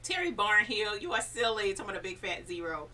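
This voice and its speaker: A woman's voice: mid-range voice, sing-song, fast talker, sharp tone, far from the mic. A woman hosting a casual live stream, chatty and encouraging, reading viewer comments aloud. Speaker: embroidery channel host.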